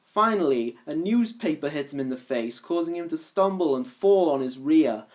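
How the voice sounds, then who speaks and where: A woman's voice: sits low, lively intonation, normal speed, a little mellow. A woman reading a fan story aloud, shifting voices for each character. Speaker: reader.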